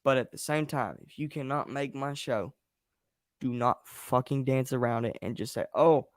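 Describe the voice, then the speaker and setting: A man's voice: mid-range voice, normal speed, dry recording, studio quality. A man hosting his own show at home, ranting bluntly and repeating himself, with frequent swearing. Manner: frustrated, blunt, repetitive, swearing. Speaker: podcast host. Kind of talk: angry solo rant on a live stream. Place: home at night, a partner asleep nearby.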